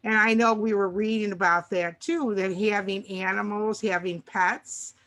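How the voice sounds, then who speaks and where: An older woman co-hosts a casual chat, wandering warmly from one thought to another at an unhurried pace. Her pitch is middling and her tone steady, and she often restarts sentences and acts out small bits of dialogue.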